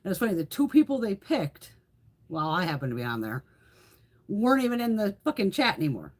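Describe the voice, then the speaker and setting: A woman's voice: medium pitch, big pitch swings, fairly quick. A middle-aged woman hosting a beauty livestream, chatting casually with viewers, laughing often and swearing freely.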